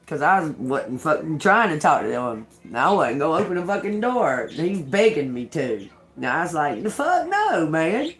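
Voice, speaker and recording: A woman's voice: low voice, normal speed, few pauses, soft background music. Swearing, laughing woman tarot reader. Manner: profane, animated storytelling with frequent laughs; addresses viewers as y'all. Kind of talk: casual tarot reading to camera.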